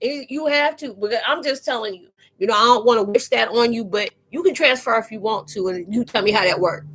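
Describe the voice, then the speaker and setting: A woman hosting a casual live-stream spiritual chat, talking in a slangy, animated way and laughing often. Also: fairly high pitch, brisk, husky. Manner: chatty and animated, laughing and acting out quoted exchanges; slangy, informal phrasing.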